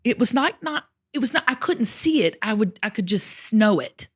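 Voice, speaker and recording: A woman host telling a personal story in casual conversation, emotional and expressive, often speaking straight to her listeners. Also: on the high side, moderate pace, breathy edge. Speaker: show host.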